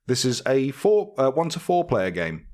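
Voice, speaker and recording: A man chatting casually as a podcast co-host. He talks at an ordinary, middling pitch, with plenty of "uh"s and restarts, and he laughs easily. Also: very animated, moderate pace, a little mellow. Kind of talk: casual chat.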